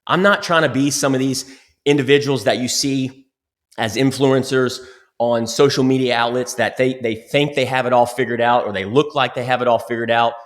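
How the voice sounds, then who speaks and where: A man's voice: mid-range voice, fairly even intonation, normal speed. A man co-hosting a podcast talks candidly and self-reflectively about personal growth, in a motivational tone. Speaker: podcast co-host. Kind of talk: casual motivational talk.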